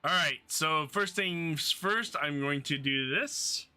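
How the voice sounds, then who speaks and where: A man's voice: fairly high pitch, slow pace, sharp tone, clean tone, soft background music. A man playing a tabletop game, jokingly exasperated and sarcastic. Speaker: player. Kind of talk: casual tabletop game chat.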